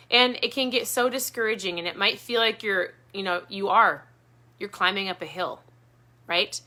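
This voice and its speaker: A woman speaks directly to her viewers in an earnest, motivating way. Her voice is bright and clear, at a middling pitch. She keeps returning to the same encouraging points. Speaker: keto vlogger.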